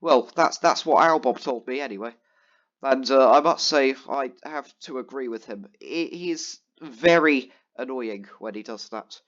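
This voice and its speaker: A man's voice: medium pitch, measured pace, fairly bright tone, lo-fi sound. A man telling a long, exasperated story about a gaming friend, with lots of ums and restarts. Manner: rambling, exasperated storytelling with many fillers. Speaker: gaming vlogger. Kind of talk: casual ranting commentary over gameplay.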